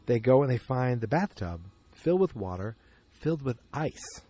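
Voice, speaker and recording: A man hosting a podcast, recapping an episode in casual chat from his backyard, acting out the characters' lines in quick changing voices. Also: medium pitch, sing-song, dark tone. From Massachusetts. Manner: chatty, acts out character lines with quick voice shifts. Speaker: podcast host. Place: outdoors in a backyard.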